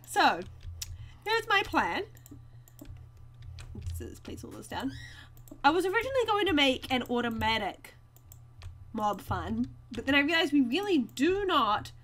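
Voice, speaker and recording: A woman's voice: high voice, fairly bright tone. A woman hosting a gaming video, chatting casually and giggling to viewers as she plays. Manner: chatty, giggly, talks to viewers while playing. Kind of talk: casual let's-play commentary.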